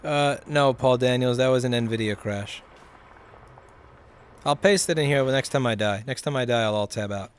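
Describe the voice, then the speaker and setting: A man's voice: mid-range voice, normal speed, clear, resonant tone. A man casually commenting live on his video game, swearing often, ranting in frustration and answering his chat. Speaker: livestreamer playing a video game. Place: at a computer while streaming.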